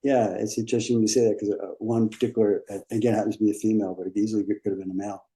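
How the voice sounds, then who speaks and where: A man's voice: fairly low pitch, little pitch movement, racing, mellow, rough recording. A man, a dentist and business coach, talking as a podcast guest in a rambling, repetitive, encouraging way. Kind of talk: casual interview conversation.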